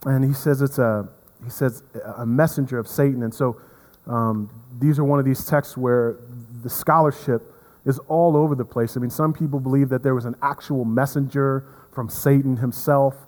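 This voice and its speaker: A man preaching a sermon as pastor, earnest, repeating words and swinging from emphatic to hushed. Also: mid-range voice, steady tone, moderate pace. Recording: long reverb of a hall.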